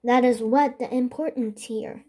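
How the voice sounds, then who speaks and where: A woman whose first language is Korean reading the lines of a bossy young girl inventor from a children's book, in a halting, stumbling way. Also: a little high, steady tone, dark tone, a little hiss or hum, lightly acted. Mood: instructing. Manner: halting, stumbling read-aloud. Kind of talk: children's book read aloud.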